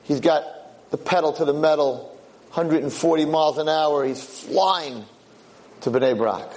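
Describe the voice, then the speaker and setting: A man giving a religious lecture, telling a story in an animated way and acting out the characters' words. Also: a little high, unhurried, rough recording. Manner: animated storyteller, acts out quotes. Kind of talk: sermon storytelling.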